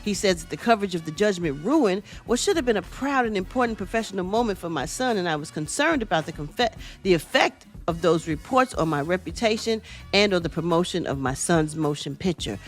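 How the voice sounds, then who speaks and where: A middle-aged woman hosting a casual radio entertainment news segment, chatty and sassy, calling listeners y'all and honey. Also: on the low side.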